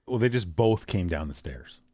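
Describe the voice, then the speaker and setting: A man's voice: low voice, animated, normal speed, darkish tone, no echo, clean studio sound. A man co-hosting a podcast in casual chat, talking loosely and leaning on "like" and "you know". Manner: chatty, leans on "like" and "you know". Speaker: podcast co-host.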